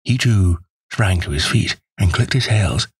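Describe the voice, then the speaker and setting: Deep husky male audiobook narrator. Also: animated, dry recording. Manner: measured, wry storytelling. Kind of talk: scripted first-person narration.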